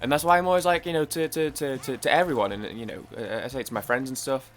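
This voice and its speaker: A man's voice: mid-range voice, fairly even intonation, fast talker, hardly any pauses, soft background music. A man chatting casually while playing a video game, rambling, restarting his sentences and swearing now and then. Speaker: gaming YouTuber. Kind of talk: casual let's-play chat.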